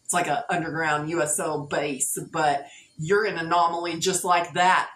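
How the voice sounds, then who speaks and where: A woman does a casual tarot reading for her viewers, playful and slangy, laughing often and singing snatches of songs. Her voice is low-pitched and a bit bright, with a level tone at normal speed. The room is echoey, with faint ambience and slight background noise.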